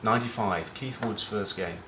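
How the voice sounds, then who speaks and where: Rambling northern English former rugby captain. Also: male voice, lowish voice, normal speed, echoey room, background noise. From northern England. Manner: rambling, cheeky, swears freely. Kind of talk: casual rugby chat with anecdotes.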